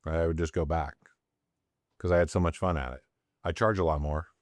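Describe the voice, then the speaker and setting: A middle-aged man hosting a podcast, telling rambling stories and often tacking on quick tag questions. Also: very deep voice, steady tone, dry recording. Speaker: podcast host. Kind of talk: casual storytelling talk.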